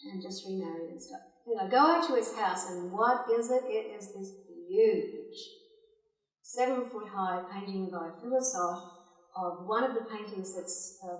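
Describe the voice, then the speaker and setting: Older woman telling stories in an echoey hall. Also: mid-range voice. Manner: chatty, laughing storyteller. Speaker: singer and music teacher. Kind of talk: storytelling between songs at a concert. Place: concert hall. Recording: echoey hall, mic from far off.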